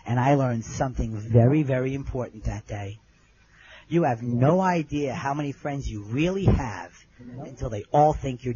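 Middle-aged man, earnest storyteller, slightly high voice, muffled lo-fi sound. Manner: earnest, drops low and soft at moving moments. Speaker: survivor telling his story. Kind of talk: personal storytelling.

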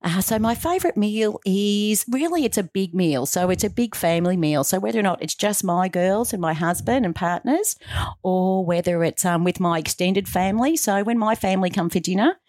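Heard in a dry, studio-quality recording, a middle-aged woman with a mid-range voice talks at a moderate pace. She's a guest on a radio show, casually chatting and vividly acting out the lines of the people in her story.

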